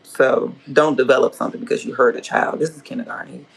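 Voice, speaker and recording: Extremely low-pitched and husky, with vocal fry, a steady tone, and a quick pace, a woman cooks while chatting to her livestream over a rough recording. The home cook and food vlogger is blunt and profane, scolding and rambling freely.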